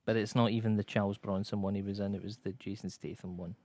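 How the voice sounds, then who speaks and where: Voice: deep voice, steady tone, fast, dark tone, no room sound. A co-host on a radio show who chats casually, grumbling and mocking with exaggerated voices. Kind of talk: casual comedic chat.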